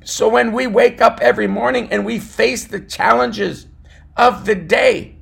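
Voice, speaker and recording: A man preaching a fervent podcast sermon, swinging between loud shouts and low murmurs. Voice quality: gravelly, husky.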